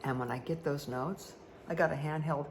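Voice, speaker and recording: A woman's voice: deep voice, moderate pace, a little hiss or hum. A woman giving a card reading for her viewers, chatty and rambling, who often checks in with "okay?". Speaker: spiritual guide reading tarot and angel cards. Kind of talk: casual talk to viewers while reading cards.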